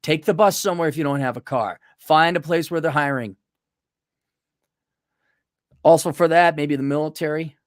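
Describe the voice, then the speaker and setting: A man's voice: on the high side, normal speed, long pauses, no room sound, clean studio sound. Blunt, sardonic man. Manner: blunt, sardonic, with mocking asides. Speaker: podcast host. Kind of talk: casual advice monologue. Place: on a trip during a motorcycle rally.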